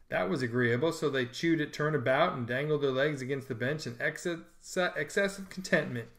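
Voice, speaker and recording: A man narrating a classic novel in a measured, expressive storybook reading. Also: medium pitch.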